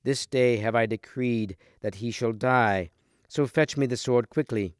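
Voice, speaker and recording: Wicked sorceress queen voiced by a man, cold, commanding, smooth storybook reading. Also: mid-range voice, a little slow, no room sound, clean studio sound, lightly acted. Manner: cold, commanding, falsely sweet.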